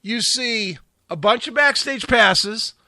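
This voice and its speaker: High-voiced, bright male radio host. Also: slow pace, dry recording, studio quality. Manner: profane, animated storyteller acting out quotes. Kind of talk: casual storytelling.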